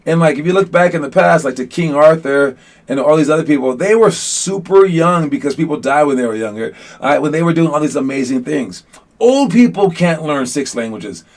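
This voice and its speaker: A man coaching young basketball players in a casual motivational talk, rambling with many restarts and fillers, and getting animated as he goes. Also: mid-range voice.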